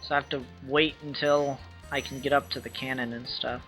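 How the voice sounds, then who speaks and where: A man's voice: mid-range voice, little pitch movement, brisk, pushed and bright, faint music behind. A man playing a video game, casually narrating his moves and swearing as he goes. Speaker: let's play player. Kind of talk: casual gameplay commentary.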